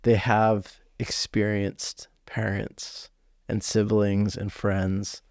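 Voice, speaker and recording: A male podcast host sets up his question for the guest slowly and deliberately. His voice sits somewhat low. The sound is dry and close, with no echo. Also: level tone, darkish tone. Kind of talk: interview questions. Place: podcast studio.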